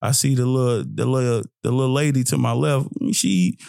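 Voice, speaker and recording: A man's voice: mid-range voice, a little fast, vocal fry, dry recording, clean studio sound. A young man hosting a podcast, telling a story in casual, profane talk and acting out his own thoughts. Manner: animated, profane, acts out his own inner voice. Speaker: podcast host.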